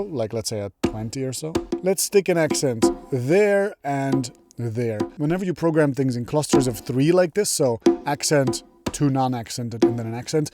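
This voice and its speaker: Upbeat male tutor, chatty and casual, mid-range voice, music clearly audible underneath. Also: mid-range voice. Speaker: music production teacher. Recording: music playing behind.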